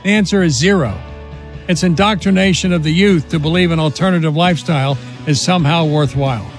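A man's voice: fairly high pitch, fairly quick, soft background music. A man hosting a talk radio show, commenting in an indignant, emphatic and mocking way.

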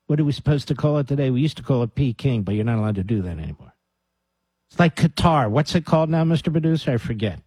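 A man's voice: medium pitch, lively intonation, fast talker, a little mellow, breathy edge, no room sound. A man hosting a talk radio show, sarcastic and combative, stopping clips to mock them.

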